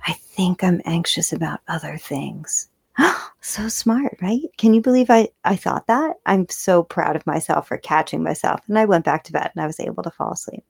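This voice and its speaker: A woman tells a personal story straight to the camera in a quick, casual rush, breaking into laughter now and then. Her voice sits low and carries a gravelly fry. The sound is close and dry, with no room echo. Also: darkish tone. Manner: fast-talking, chatty, laughs often. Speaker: video creator.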